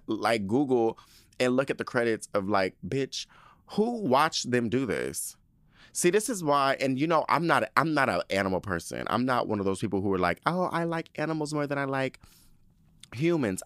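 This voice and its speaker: A man tells a story in a loose, profane, indignant rant and laughs often. His pitch leaps around as he gets worked up. The sound is dry and close, with no room around it. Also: no echo. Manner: profane, animated, indignant ranting; frequent laughter. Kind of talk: casual storytelling monologue.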